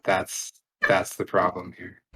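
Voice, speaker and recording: A man co-hosting a stream with a very low voice, dropping blunt, dry remarks and casual swearing. A faint hiss sits under his mic. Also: completely flat delivery, takes it slowly, sharp tone. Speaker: stream co-host. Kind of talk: casual reaction commentary.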